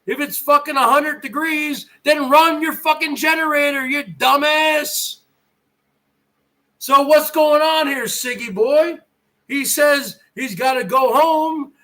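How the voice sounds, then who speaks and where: A middle-aged man from northern New Jersey, ranting loudly and mockingly in a profane vlog monologue. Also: very high-pitched. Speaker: vlogger.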